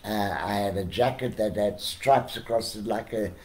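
An older man with a South African accent, telling anecdotes as a podcast guest with lively, chuckling delivery. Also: lowish voice, normal speed. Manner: animated, chuckling storyteller who acts out quotes. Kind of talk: casual storytelling.

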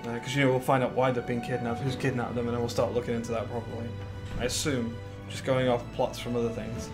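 A man in casual live-stream commentary, with a mid-pitched, conversational voice that rambles and is full of fillers as he thinks aloud. He answers his chat as he goes, and faint game music sits behind him. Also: level tone, fast talker.

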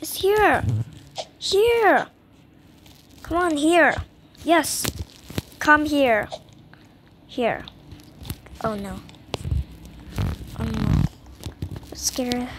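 A young woman chatting through a video game in a high, excitable voice. She talks at a slow, drawn-out pace, repeats herself, and slips into whispers. The recording carries clear background noise. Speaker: gamer. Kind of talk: casual gameplay commentary.

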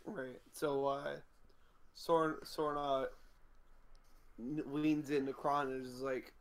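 A man playing a tabletop game, speaking casually and hesitantly, filling gaps with uhs and restarts. His voice sits at an everyday middle pitch for a man. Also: little pitch movement, slow pace, long pauses. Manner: hesitant, filler-heavy. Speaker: player.

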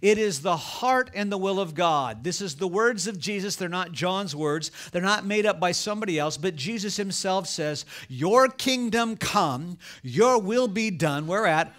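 High-voiced man preaching a sermon. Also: lively intonation, unhurried, hardly any pauses, fairly bright tone. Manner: preaching with rising fervor, acting out quoted voices. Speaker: pastor.

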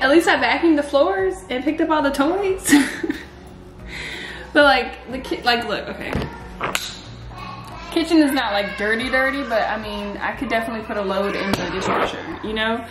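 A woman's voice: fairly high pitch, moderate pace, over music. Teary young pregnant woman vlogging at home. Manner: emotional, teary, laughs through it, many "like" fillers. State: weary and low. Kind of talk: casual confessional vlog chat. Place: home room indoors. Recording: roomy echo of a home room.

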